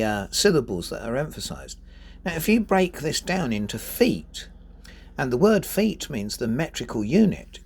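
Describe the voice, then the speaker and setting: Male teacher, slow and deliberate, lively pitch, slightly husky; reads verse and marks the stresses. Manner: slow, deliberate, stresses words to show rhythm. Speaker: poetry teacher. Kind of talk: spoken lesson with poem readings.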